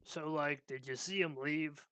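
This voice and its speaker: A man's voice: a little high, steady tone, measured pace, background noise. A man playing a tabletop game, asking puzzled questions at the table. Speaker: player. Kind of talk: casual table banter.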